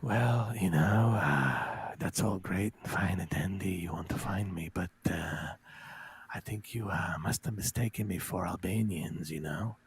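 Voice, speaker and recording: A man doing a boastful tough-guy martial arts movie star impression in a hushed, mumbling voice full of drawn-out pauses. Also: vocal fry, slight background noise. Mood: smug threatening. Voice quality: low hushed murmur, drawn-out uh's.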